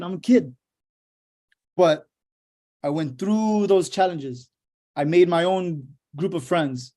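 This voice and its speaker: A man's voice: a little high, takes it slowly, pauses often, dark tone. A young adult man from Houston, Texas, a lawyer giving a casual motivational talk, swearing freely and telling his story with emphatic drive. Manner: profane, emphatic, fired-up storytelling.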